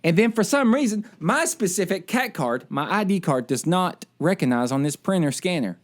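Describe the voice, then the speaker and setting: A man co-hosting a casual podcast, telling a frustrated story in an animated, ranting way. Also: sits high, normal speed, few pauses. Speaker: podcast co-host; military service member.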